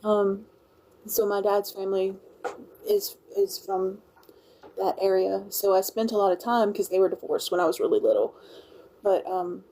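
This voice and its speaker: Louisiana woman w a cajun country accent rambling on her live stream, mellow warm voice. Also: mid-range voice, little pitch movement, moderate pace, pauses often, a little hiss or hum, poor audio. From Louisiana, USA. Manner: chatty and rambling, laughs often, thanks viewers. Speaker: livestream host. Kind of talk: casual live-stream chat.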